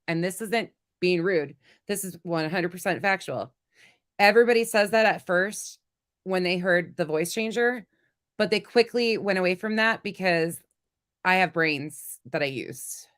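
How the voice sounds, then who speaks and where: Blunt sarcastic female host, a bit under the weather, low-ish voice. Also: measured pace, a bit bright. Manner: blunt, sarcastic, laughs at her own jokes. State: sick, voice lower than usual. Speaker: commentary host. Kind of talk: casual drama commentary.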